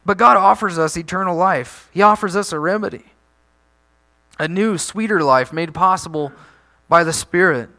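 Man, pastor, sermon, high voice, bright tone, animated, rhetorical questions. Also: moderate pace. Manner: animated preaching with rhetorical questions and frequent restarts.

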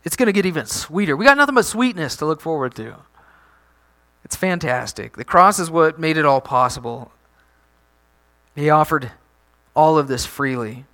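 A man delivers a sermon in a high, bright voice. He preaches with animation, tossing rhetorical questions at the congregation and restarting phrases as he builds his points. His tone stays energetic and direct. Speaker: pastor.

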